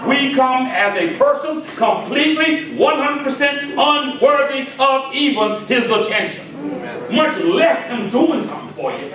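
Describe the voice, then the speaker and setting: A man preaches a sermon in a high voice. He drops to quiet asides, then rises to shouted calls to the congregation. He sounds distant, in a very echoey church with the crowd audible behind him. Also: expressive, unhurried. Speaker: pastor. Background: congregation responding and laughing.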